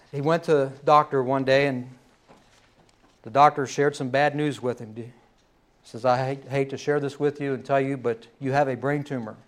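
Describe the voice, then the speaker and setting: A middle-aged man from the United States preaching a sermon in a folksy, conversational storytelling manner. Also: mid-range voice. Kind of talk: sermon with a told joke.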